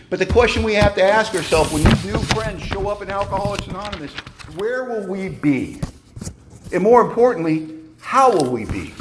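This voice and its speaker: A middle-aged man telling a personal story to a meeting audience in an animated, conversational way. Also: a little high. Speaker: speaker at a recovery meeting.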